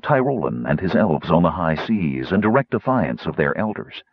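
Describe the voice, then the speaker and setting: A man reading a fantasy novel aloud in measured storytelling narration. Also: low-pitched, big pitch swings, slightly rough, no room sound, dull audio. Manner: measured storytelling, shifting into character voices. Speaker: audiobook narrator.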